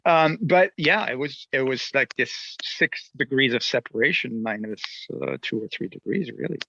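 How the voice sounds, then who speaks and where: A musician with a French accent, telling stories in a casual interview, animated and laughing often. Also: male voice, medium pitch, normal speed, creaky, highs cut off. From near Geneva. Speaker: musician guest.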